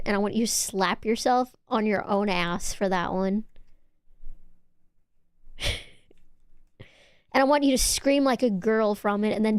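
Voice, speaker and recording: A young woman with a fairly high voice chats with her viewers on stream, teasing them and cursing freely as she reads their messages out. Her voice comes through a close mic in a dry room. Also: clean tone, no echo. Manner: excitable, teasing, swears, reads chat aloud. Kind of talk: casual chat stream.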